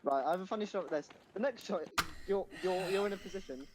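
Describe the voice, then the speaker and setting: A man's voice: high-pitched, fast talker, noisy background. A young man casually chatting while reacting to his old student films, laughing at them and mocking himself. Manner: laughing, self-mocking, swearing.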